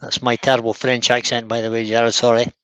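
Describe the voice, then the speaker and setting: Bright, chatty man reading the chat. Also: mid-range voice, flat delivery, fast talker, clear, resonant tone, dry recording. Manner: chatty, enthusiastic, laughing. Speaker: livestream co-host reading the chat. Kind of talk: casual livestream chat.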